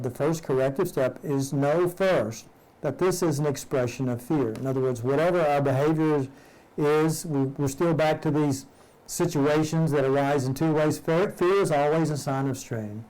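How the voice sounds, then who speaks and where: A man's voice: a little high, normal speed, a little mellow, poor audio. A man leading a live-streamed study group who reads a spiritual text aloud, stumbles and rereads lines, then explains each passage in plain words.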